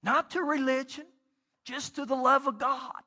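A middle-aged man preaching a sermon as pastor, telling stories and swinging between loud and hushed delivery. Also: very high voice, steady tone, unhurried, in a large hall.

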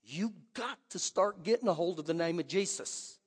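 High-voiced preaching man in a reverberant hall. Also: moderate pace, husky. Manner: animated preaching, swings from loud to hushed. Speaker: pastor. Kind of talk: sermon.

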